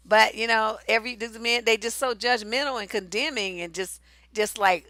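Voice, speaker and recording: A middle-aged woman coaching on relationships, blunt and salty, swinging between storytelling and pointed advice. Her voice is bright and forceful and sits a little high. The recording is dry and close. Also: a little fast, no room sound. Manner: blunt, profane, animated and conversational. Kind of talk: candid personal storytelling and advice.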